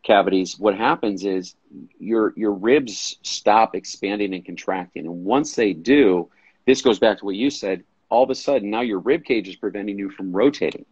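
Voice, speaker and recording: A low-voiced, husky man chatting casually on a live stream, dry and close, sound a bit dull and lo-fi. He tells stories with lively quoted voices and jokes along the way. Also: moderate pace, no echo. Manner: storytelling, animated quoted voices, joking. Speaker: guest, fitness coach. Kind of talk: casual chat on a live video call. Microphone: live stream audio.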